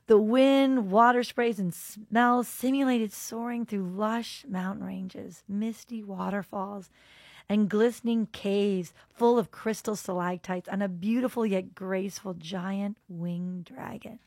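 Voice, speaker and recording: A woman hosting a faith podcast, telling a personal story with lively expression and moving into quiet, earnest prayer. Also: medium pitch, slow pace, dry recording.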